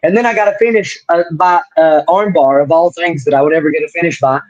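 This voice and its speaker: A man's voice: fairly high pitch, quick pace, noisy background. A man hosting a casual podcast chat, telling stories and acting out quotes. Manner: animated storyteller, acts out quotes. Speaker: host. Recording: dull lo-fi sound.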